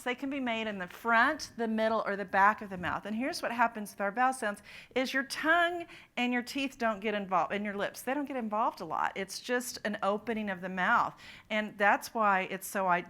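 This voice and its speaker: A woman's voice: mid-range voice, bright, forceful tone. A woman presenting a phonics workshop at a conference, quizzing her audience of teachers. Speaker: literacy presenter. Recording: conference talk in a hall.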